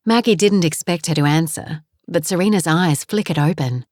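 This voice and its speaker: A woman narrating a romance novel in a calm, even storytelling manner on a close studio mic. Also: sits low, normal speed, few pauses, no echo. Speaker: audiobook narrator. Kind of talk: scripted narration.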